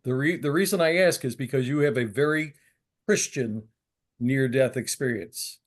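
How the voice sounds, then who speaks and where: A man's voice: medium pitch, normal speed. A man from the audience at a group meeting, asking a question in a polite, careful, hesitant way. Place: meeting room.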